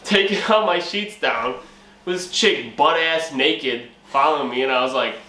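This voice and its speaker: Speaking a little slowly in a slightly high, bright and forceful voice, this young channel host laughs and curses his way through a funny anecdote, performing his own dialogue. Faint ambient noise fills the echoey room.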